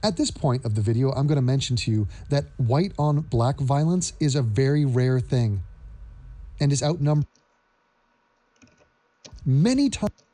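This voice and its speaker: Male vlog commentator, sarcastic and mocking, with an animated, warm voice. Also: mid-range voice, unhurried, long pauses.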